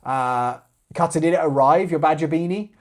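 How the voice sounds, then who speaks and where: A man's voice: a little high, moderate pace, darkish tone. A man hosting a live airsoft stream, chatting casually and reading out viewer comments between giveaway talk. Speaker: airsoft channel host.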